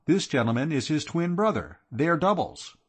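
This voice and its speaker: A man voicing a cool, confident male detective who speaks in a calm, assured way. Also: fairly high pitch, normal speed, slightly rough, voice pushed up.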